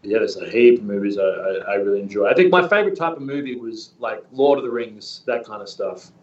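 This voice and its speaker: A man in his thirties from Australia, a guest in a casual interview, talking in a rambling, relaxed way with many fillers. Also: on the low side, a little fast. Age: 30s. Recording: distant, echoey, muffled room sound.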